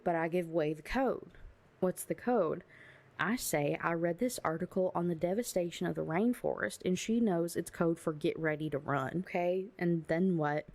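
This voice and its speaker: A woman's voice: on the low side, a little mellow. A woman reading a blunt, scheming tough gal. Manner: slow, blunt and profane. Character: tough scheming woman, a reckless older sister.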